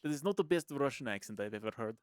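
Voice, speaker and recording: A man co-hosting a casual game stream, making quick joking remarks while he plays. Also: medium pitch, expressive, a little mellow, no echo. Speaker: streamer co-host playing the game.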